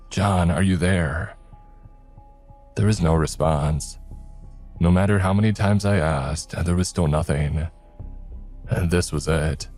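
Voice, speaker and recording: A man narrating a first-person horror story in a measured, low-key way. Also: a little mellow.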